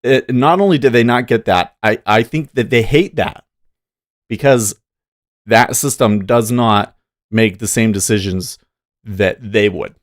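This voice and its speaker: A man's voice: medium pitch, measured pace, no room sound. Guy on a trading stream going off w his opinions, dry close mic. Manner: opinionated, rambling, talks back to chat. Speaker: livestream day-trading host. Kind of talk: casual live-stream commentary.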